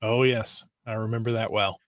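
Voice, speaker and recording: A man's voice: lowish voice, flat delivery, normal speed, a bit bright, no room sound, clean studio sound. An easygoing man co-hosting a podcast, reading out listener comments and reminiscing in casual chat. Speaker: podcast co-host.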